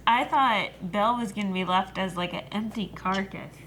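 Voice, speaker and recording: A woman's voice: medium pitch, normal speed, a bit bright, a little hiss or hum. A woman co-hosting a reaction video, explaining points in casual chat and laughing often.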